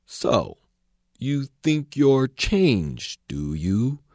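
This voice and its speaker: A man voicing a languid, stern male caterpillar who smokes a hookah, speaking slowly and sleepily in a storybook reading. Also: mid-range voice, sing-song, a little mellow, no room sound, clean studio sound, pitched above the performer's own voice, exaggerated voice. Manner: slow, drawn-out, sleepy.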